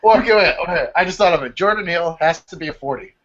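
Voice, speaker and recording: A man's voice: fairly high pitch, expressive, quick pace, fairly bright tone, highs cut off. A man in casual sports chat, talking loosely with fillers and laughs. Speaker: sports podcast panelist.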